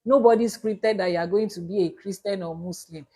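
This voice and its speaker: Her mid-range voice is dark and slightly rough, and she talks a little fast. This Nigerian Ifa priestess teaches live and responds to viewers' questions, emphatically explaining through examples and repetition of key points.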